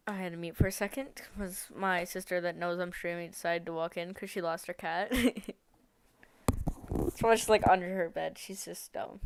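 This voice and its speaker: A woman's voice: lowish voice, smooth. A woman streaming from a room at home, talking casually while she codes, thinking aloud, rambling and correcting herself as she goes. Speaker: live streamer. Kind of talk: casual live-stream talk while coding.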